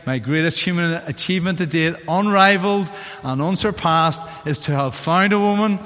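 A man with a Northern Irish accent preaching a sermon as pastor, in an animated, theatrical way. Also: on the high side, moderate pace. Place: church sanctuary. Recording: long church hall reverb.

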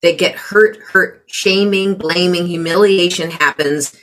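A middle-aged woman speaks in a somewhat low voice, talking through parenting advice in a relaxed interview. She is reflective and often slips into other voices to act out remarks she quotes. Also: a little slow. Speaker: parenting guest. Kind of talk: conversational interview.

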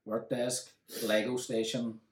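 A man's voice: medium pitch, level tone, takes it slowly, reverberant, distant mic. A man with a Northern Irish accent, co-hosting a casual podcast with his wife at home, dry and joking as he banters back. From Northern Ireland. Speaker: podcast co-host. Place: home kitchen.

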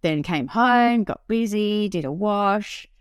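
A woman's voice: mid-range voice, expressive, takes it slowly, clear, resonant tone, dry recording, studio quality. A woman, co-hosting a podcast in casual chat, laughing often and telling stories with animation. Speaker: podcast co-host.

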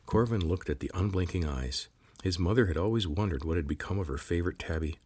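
Brief: male audiobook narrator, deep voice, husky edge, steady delivery. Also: fairly quick.

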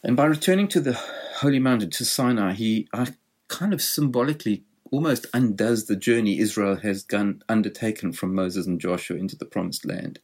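A man's voice: on the low side, fairly quick, darkish tone. A man preaching a sermon, explaining a scripture passage in a thoughtful, explanatory way.

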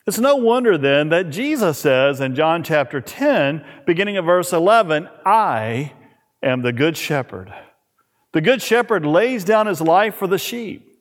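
A middle-aged male pastor preaching a sermon, slowing and dropping his voice on key words. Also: on the high side. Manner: expressive preaching, slows and drops on key words. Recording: long hall reverb.

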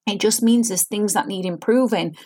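A woman's voice: mid-range voice, moderate pace, darkish tone. A woman, an acting coach giving an earnest, explanatory spoken lesson and demonstrating line readings.

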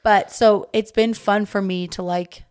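A woman's voice: mid-range voice, steady tone, a little slow, a little mellow, smooth. Chatty young woman podcast guest. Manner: chatty, many "like" fillers. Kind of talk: casual chat.

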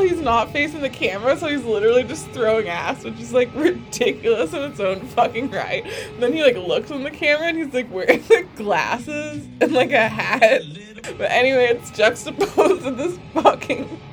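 A woman hosting a podcast, talking casually and laughing through her words, with plenty of swearing. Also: fairly high pitch. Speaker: podcast host. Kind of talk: casual comedic monologue.

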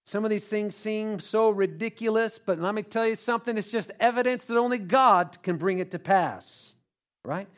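A male pastor preaching a sermon, animated and joking, calling out to the congregation. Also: sits high, moderate pace.

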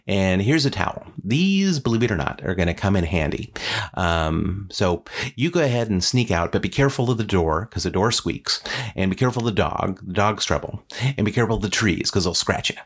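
A man's voice: sits low, animated, a little fast, slightly rough, full character voice. A man voicing a male house cat in a told folk tale, casual and chatty. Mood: friendly. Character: nasty house cat, male, turns friendly.

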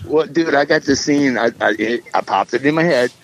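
A man's voice: medium pitch, a little fast, muffled recording, a little hiss or hum. A man, a musician and filmmaker, telling rambling stories in casual chat and acting out what people said. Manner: rambling storyteller, acts out quotes.

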